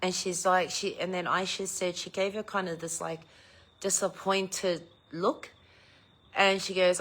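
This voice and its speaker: A woman's voice: on the low side, level tone, unhurried, a bit bright. A middle-aged woman, chatting casually with viewers, telling a story and swearing freely. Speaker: vlogger chatting live with viewers. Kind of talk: casual chat.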